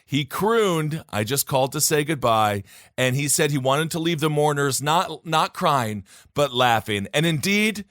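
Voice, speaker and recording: A man co-hosting a podcast, telling stories in a joking, animated way. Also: mid-range voice, no room sound, studio quality. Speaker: podcast co-host. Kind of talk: casual comedic chat.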